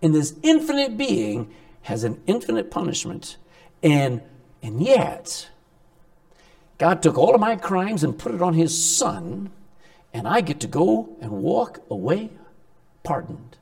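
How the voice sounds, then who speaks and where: A man preaching a sermon, animated, with sudden loud emphasis, quiet asides and many rhetorical questions to the congregation. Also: fairly high pitch, vocal fry.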